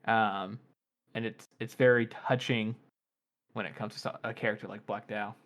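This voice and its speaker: A man's voice: fairly low pitch, fairly even intonation, moderate pace, a bit bright. A man co-hosting a book podcast, talking through a scene in a thoughtful, hesitant way with plenty of fillers. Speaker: podcast co-host. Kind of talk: casual book discussion.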